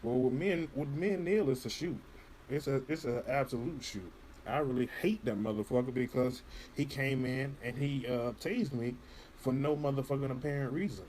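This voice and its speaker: A man's voice: mid-range voice, moderate pace, darkish tone, a little hiss or hum. A man in casual interview chat, rambling and profane, filling his talk with "you know". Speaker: podcast guest.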